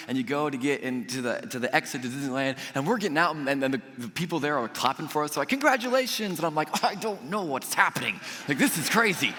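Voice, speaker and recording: A man preaching a sermon, telling a personal story in an animated way, acting out the voices he quotes and adding jokey asides. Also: on the high side, big-room sound. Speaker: pastor. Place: church auditorium.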